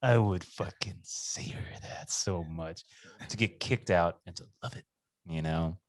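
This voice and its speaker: A man's voice: low-pitched, a little slow, dry recording. A man co-hosting a podcast in casual chat, laid-back, swearing freely and laughing often. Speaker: podcast co-host.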